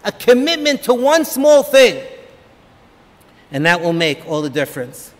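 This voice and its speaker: A man, a rabbi, giving an inspirational holiday talk full of lively, humorous stories. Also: high-pitched, unhurried. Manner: animated, humorous storyteller. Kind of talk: motivational holiday talk with storytelling. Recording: long reverb of a hall.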